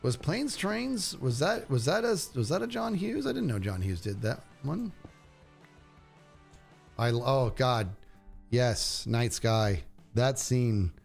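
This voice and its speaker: Slow and creaky, his medium-pitched voice swings widely up and down as a middle-aged man rambles to his livestream viewers about shows he adores, often breaking off mid-sentence. There's soft music behind him.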